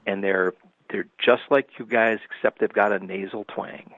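A man's voice: fairly low pitch, fairly even intonation, moderate pace, gravelly, no room sound. A man from Michigan calling in to a radio show, talking in a blunt, opinionated way. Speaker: caller. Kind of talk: casual call-in chat. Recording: tinny phone line.

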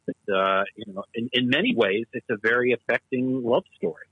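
A man's voice: mid-range voice, expressive, normal speed, slightly rough, no room sound, narrow, tinny audio. A man co-hosting a casual talk show, speaking in an analytical, discursive way. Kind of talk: casual chat.

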